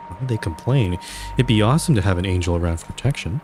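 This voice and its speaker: Low-voiced casual man streaming a game. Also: animated, fast, music in the background. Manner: chatty, wry, laughs and trails off. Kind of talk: casual live commentary while playing.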